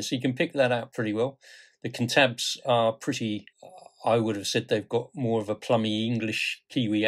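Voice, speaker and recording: An older man from the UK, co-hosting a casual chat and talking with lively rises in pitch and volume for emphasis. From United Kingdom. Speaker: podcast co-host. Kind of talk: casual conversation.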